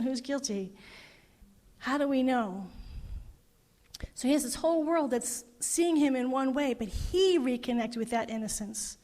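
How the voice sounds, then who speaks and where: A woman's voice: on the high side, darkish tone. A middle-aged woman minister giving a sermon, telling a story with emotion and voicing the people in it. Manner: emotive, retelling a story with quoted voices. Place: parish hall. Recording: long hall reverb.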